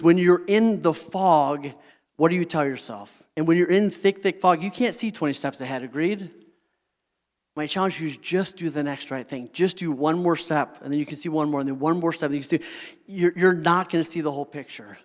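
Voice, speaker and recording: A man's voice: a little high, a little fast. A middle-aged man giving a heartfelt motivational talk to a live audience, sharing personal stories and often checking that listeners are with him. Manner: earnest, keeps checking in with the audience. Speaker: motivational speaker. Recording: long hall reverb.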